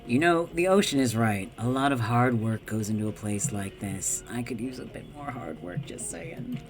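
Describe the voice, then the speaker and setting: A man reading a smooth, coaxing game narrator. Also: medium pitch, normal speed, over music, natural voice.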